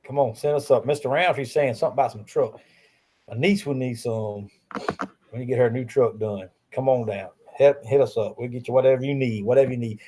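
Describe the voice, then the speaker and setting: A man's voice: mid-range voice, brisk, warm tone. A man with a coastal Southern Geechee accent co-hosting a casual talk show, rambling in a laid-back way with frequent chuckles. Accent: Southern US, coastal Geechee-tinged. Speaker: podcast co-host. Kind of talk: casual chat.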